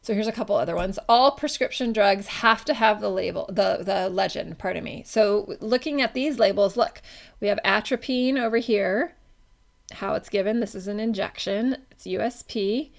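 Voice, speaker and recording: Woman lecturing, gravelly voice. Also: mid-range voice, normal speed. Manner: casual, conversational, self-correcting. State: has the hiccups. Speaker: pharmacology instructor. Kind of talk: classroom lecture.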